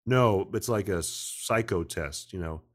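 Guy with a real low voice on a zoom call, rambly, swears a lot, keeps restarting sentences. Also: measured pace. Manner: rambling, swears often, self-interrupting. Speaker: podcast host. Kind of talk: casual chat over a video call. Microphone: video call.

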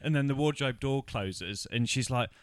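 A man's voice: mid-range voice, moderate pace, clear, resonant tone, dry recording, studio quality. A man co-hosting a podcast, rambling through a film's plot in casual chat and laughing often. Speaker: podcast co-host. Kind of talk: casual film review chat.

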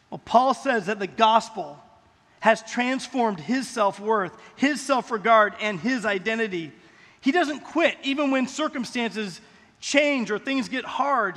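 Pastor guy preaching, really high voice, punches + stretches the big lines, big echoey church hall. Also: a bit bright. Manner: emphatic, slows and rises on key phrases. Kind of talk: sermon.

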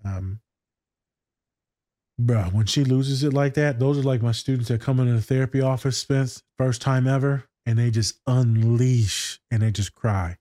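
A man in casual conversation, talking bluntly and swearing freely as he tells stories. His voice is mellow and dark in tone, in a dry, close recording with no room echo. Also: medium pitch, steady tone, moderate pace. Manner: blunt, profane, storytelling. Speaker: therapist reacting to a TV scene. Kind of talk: casual reaction chat.

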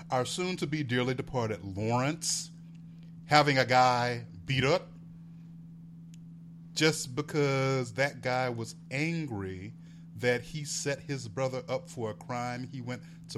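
A man co-hosts a casual podcast reviewing soaps, speaking slowly while he rants, laughs, and swears a lot. He's animated, and his voice jumps high when he gets outraged. There's a little hiss or hum in the background.

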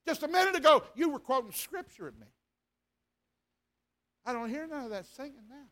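A man's voice: very high-pitched, expressive, moderate pace, a bit bright, voice pushed up. A man with a Southern US accent voicing the devil as a sneering male figure who taunts him in a folksy, mocking way during a sermon story. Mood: taunting.

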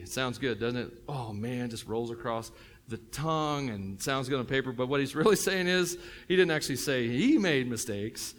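A man's voice: medium pitch, lively intonation, normal speed, fairly bright tone. A middle-aged man with a Tennessee accent, a pastor preaching a sermon in a joking, conversational way with many fillers and restarts.

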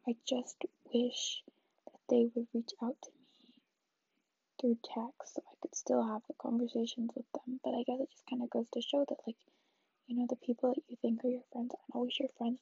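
A young woman in a whispered ASMR chat, talking softly and rambling in a reassuring way, close to the mic in a dull lo-fi recording. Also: on the high side, gravelly, husky, dry recording. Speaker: vlogger.

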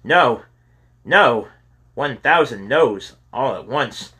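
A man voicing a fearful but proud young boy explorer, raising his voice to a higher, louder register for the boy. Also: animated, measured pace, husky, heavily acted. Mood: protesting. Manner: raised higher voice, loud protests.

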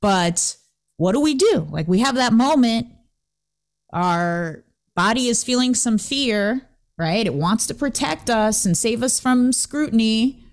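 A woman hosting a casual motivational talk, lively and laughing often as she acts out what people said. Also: a little high, a little slow. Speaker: host.

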